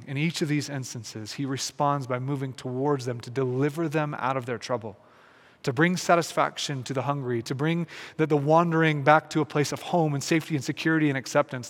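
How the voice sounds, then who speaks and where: Earnest man preaching in a reverberant space. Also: fairly high pitch. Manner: earnest and searching, with many restarts and slow, softened pauses. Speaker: pastor. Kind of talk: reflective sermon.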